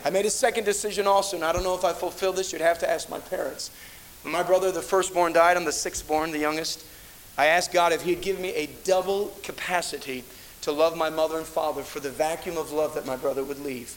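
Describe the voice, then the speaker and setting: A middle-aged man with a slightly high voice preaches a storytelling sermon as a pastor, speaking quickly with fairly even intonation. His delivery is rambling and anecdotal with frequent restarts, and the rough recording carries slight background noise.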